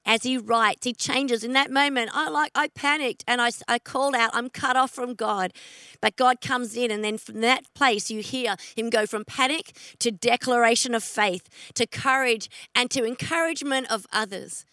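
A middle-aged woman preaching a sermon, earnest, repeating her key questions and slowing down to stress scripture. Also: on the high side, bright, forceful tone, dry recording.

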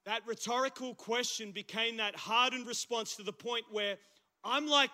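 A man with an Australian accent preaching a casual, animated sermon in church, his voice husky from the flu. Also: extremely high pitch, normal speed. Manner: conversational, animated preaching with slang asides. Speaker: pastor. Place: church service.

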